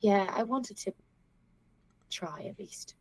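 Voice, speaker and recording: A woman playing a husky, anxious young woman. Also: mid-range voice, takes it slowly, no echo. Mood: worried. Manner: hesitant, with restarts and trailing ends. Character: anxious, earnest young woman, worried about family. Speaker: player voicing a young grandchild character. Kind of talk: in-character tabletop role-play.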